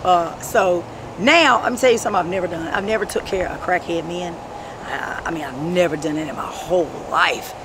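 A woman telling rambling, profane stories in a street interview, breaking into shouts. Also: on the low side, fairly quick. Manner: profane, animated storytelling with sudden shouts. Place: outdoors on a city street. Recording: street noise and passing traffic.

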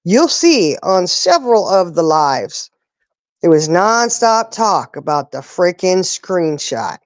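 Indignant low-voiced woman hosting a stream. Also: sing-song, slow, no room sound. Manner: indignant, ranting, rhetorical questions. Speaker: live stream host. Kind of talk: casual live-stream talk.

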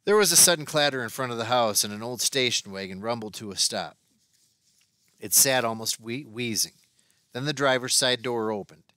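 A man reading an audiobook aloud in a steady, expressive narration. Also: lowish voice, dry recording, clean studio sound. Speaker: audiobook reader.

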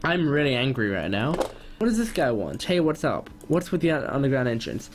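A young man giving excitable gameplay commentary, quick to get frustrated and loud when things go wrong. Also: mid-range voice. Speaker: gaming channel host.

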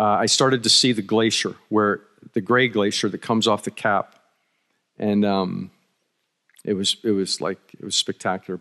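A Philadelphia man gives a conference talk in a lowish, fairly bright voice, recounting a travel story with wry humor and frequent restarts. The conference hall adds a long reverb to the recording.

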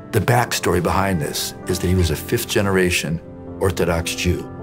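A man minister telling a personal story, animated and acting out what others said. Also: lowish voice, vocal fry. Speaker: minister and speaker. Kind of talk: storytelling testimony.

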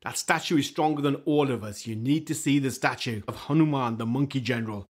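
A man's voice: medium pitch, a little fast, close to an everyday voice. A male storyteller voicing the wind as an emphatic, boastful figure in a told story. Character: boastful wind that blows every way.

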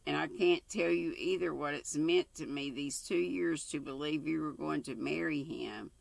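A woman's voice: low-pitched, gravelly, a bit bright, dry recording, heavily acted. An older woman reading the lines of an earnest, tender young man in love from a storybook.

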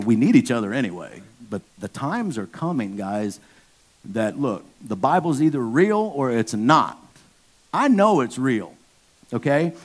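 A male pastor delivers a sermon in an offhand, conversational way, full of slang and asides. His voice sits in an ordinary middle pitch. He pushes into loud, emphatic bursts when driving a point home. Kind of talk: casual sermon. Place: church.

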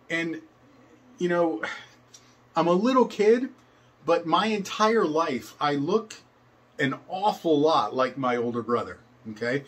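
A man's voice: medium pitch, animated, a little slow, a bit bright, slightly rough. An older man casually telling a personal story, meandering with many fillers and chuckles.

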